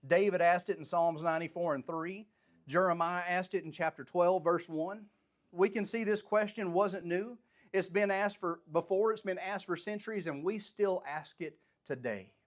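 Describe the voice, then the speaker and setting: A man's voice: high voice, moderate pace. A man teaching a Bible study, reading scripture aloud and then paraphrasing it in plain, everyday speech. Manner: animated, voices the prophet's complaints with rising intensity.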